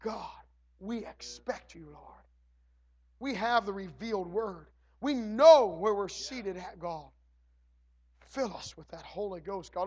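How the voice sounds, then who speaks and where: A pastor in church, preaching and then leading a prayer that repeats "Lord" and "God" between phrases and builds to shouting. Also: male voice, high-pitched, a little slow, husky. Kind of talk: sermon and prayer.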